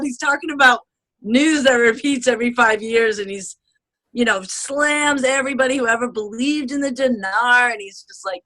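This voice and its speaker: A bright, clear-voiced woman from the United States talks in casual chat. She rambles with restarts, gets animated, laughs often and swears freely. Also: on the high side, moderate pace.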